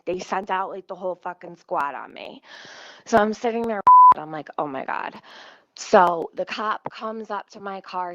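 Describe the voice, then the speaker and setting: A woman's voice: mid-range voice, pushed and bright, dry recording. A woman vlogger telling a story in a heated, profane rant. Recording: dull lo-fi dry sound.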